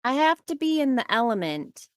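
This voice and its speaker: A woman's voice: high voice, very animated, moderate pace, no room sound, studio quality. A woman co-hosting a live stream, bantering and laughing with the others. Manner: laughs often, defensive banter. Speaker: co-host. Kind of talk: casual stream chat.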